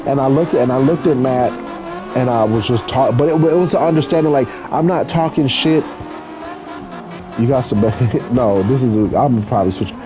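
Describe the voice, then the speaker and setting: A man's voice: medium pitch, normal speed. A man from California, a drift driver, telling rambling, profane stories in casual chat while gaming.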